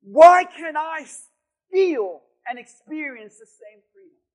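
A man's voice: very high-pitched, animated, slow pace, full character voice. A man voicing a weary, struggling three-legged tortoise in a sermon story, plaintive and wondering.

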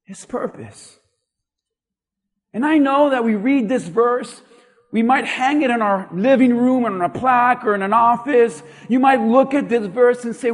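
A man with a strikingly high voice preaches a sermon, calling out questions to the congregation and pressing his points with growing force. His words ring out with a long reverb, as if he stands in a large church hall. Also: moderate pace. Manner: preaching with rising intensity, rhetorical questions to the congregation. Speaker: pastor.

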